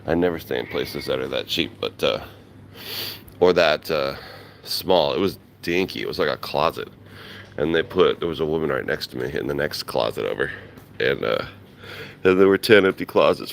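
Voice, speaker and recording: Low-voiced guy live streaming on his phone outside early, rough just-woke-up voice, laid-back and rambly, faint street noise. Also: animated, a little fast. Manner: rambling, laid-back, greets chat viewers by name. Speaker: travel vlogger. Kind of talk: casual live-stream chat. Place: outdoors in a quiet beach town in the early morning. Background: faint outdoor ambience.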